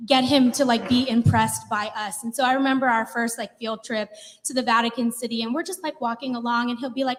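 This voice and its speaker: A woman in her thirties telling a comedic personal story, animated and laughing, chatty with lots of "like". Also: on the high side, brisk. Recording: long hall reverb.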